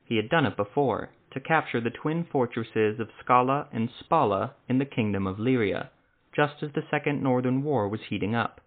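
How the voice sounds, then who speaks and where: Male narrator, measured read, mid pitch, narrow phone-like audio. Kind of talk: story narration. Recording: tinny phone-like sound.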